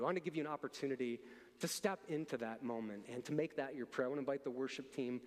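In a church sanctuary, a man preaches a sermon as pastor, his medium-pitched voice moving at a quick pace with a long reverb tail. He sounds earnest and conversational, often restarting his words.

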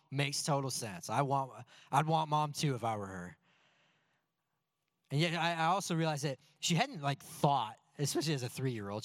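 A man's voice: medium pitch, dry recording, studio quality. A man in his thirties preaching a sermon as pastor, telling stories and asking rhetorical questions with plenty of energy. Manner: lively storytelling with rhetorical questions.

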